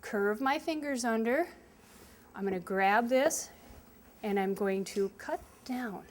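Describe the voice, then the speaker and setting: Lady chef showing kids how to cut, patient and a bit high-pitched. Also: takes it slowly, slight background noise. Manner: patient, explaining step by step to children. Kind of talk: hands-on cooking demonstration.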